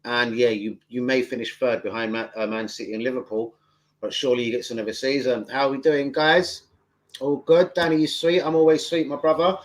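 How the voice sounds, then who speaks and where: A man's voice: mid-range voice, steady tone, brisk. A man, chatting loosely and swearing as he hosts a football fan live stream. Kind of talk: casual live stream chat.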